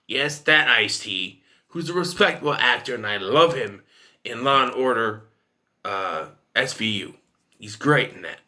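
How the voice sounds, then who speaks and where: A man's voice: mid-range voice, pushed and bright. A man giving a casual, rambling and opinionated film review to camera.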